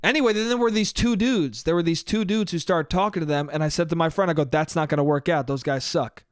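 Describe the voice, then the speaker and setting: A man hosts his own podcast alone and tells a story in a loose, profane, self-mocking way, saying "dude" again and again. His voice sits high for a man. The sound is dry and close, with no room echo. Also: fast talker. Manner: profane, self-deprecating, says "dude" a lot. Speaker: podcast host. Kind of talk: casual solo storytelling monologue.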